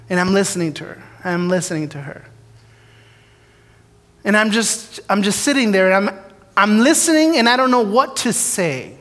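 Pausing often at a moderate pace, a man with a high, fairly bright voice and lively intonation preaches his testimony. The church sanctuary carries a long, large-hall echo. His sermon is a candid, self-deprecating story, with his prayers and dialogue acted out.

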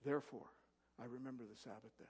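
A male pastor preaching a sermon, swinging from loud emphatic peaks to soft storytelling. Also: mid-range voice, fairly even intonation, quick pace, slightly rough. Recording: long reverb of a large hall.

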